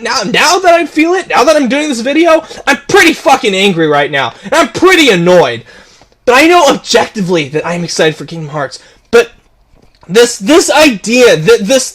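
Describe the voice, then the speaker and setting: A man's voice: very high-pitched, big pitch swings, moderate pace, a bit bright. A man delivering a heated, profane rant to camera as a gaming video creator, repeating himself and stumbling over restarts. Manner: heated, repetitive, profane ranting with stammered restarts.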